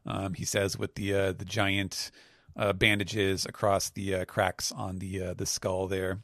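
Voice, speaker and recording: A man's voice: sits low, completely flat delivery, a little slow, a bit bright, no echo, studio quality. A man co-hosting a podcast, recapping a comic chapter in a rambling, casual way with lots of fillers. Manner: rambling, with many fillers, and laughs at his own jokes. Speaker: podcast co-host.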